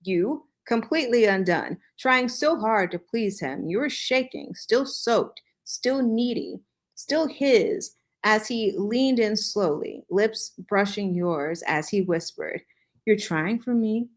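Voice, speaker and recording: A woman's voice: medium pitch, animated, slow. A woman hosting a podcast who reads fan fiction aloud, keeping a dry tone and breaking it with joking asides. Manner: dry reading broken by joking asides and laughs. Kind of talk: comedic dramatic reading with asides.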